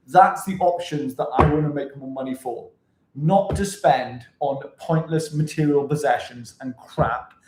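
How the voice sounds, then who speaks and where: An energetic man talking casually to his viewers from his apartment, swearing freely as he chats. His voice sits a little high for a man. The room gives the sound a noticeable echo. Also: unhurried. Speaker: travel vlogger. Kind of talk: casual chat to camera.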